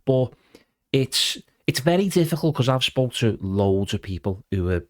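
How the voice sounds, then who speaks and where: A man's voice: medium pitch, expressive, moderate pace, no echo, studio quality. A middle-aged man chatting as a podcast guest, rambling casually and calling the host "mate". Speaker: guest impressionist.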